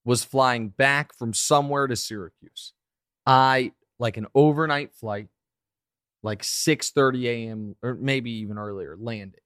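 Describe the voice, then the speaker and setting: A man's voice: medium pitch, clear, resonant tone, no room sound, clean studio sound. Man telling a story on a podcast. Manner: animated storyteller, quick asides. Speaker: podcast host. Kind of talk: casual podcast chat.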